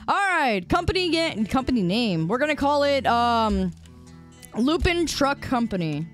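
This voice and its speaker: A woman's voice: high voice, sing-song, a little slow, soft background music. A young woman streamer chatting casually with her viewers, bantering playfully and teasing back with mock defensiveness.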